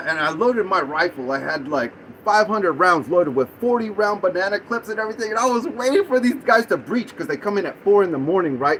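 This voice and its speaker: Man, livestream host, high-pitched and rambling, keeps saying dude and you know what I'm saying, faint hum behind. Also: rough recording. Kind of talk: casual storytelling on a livestream.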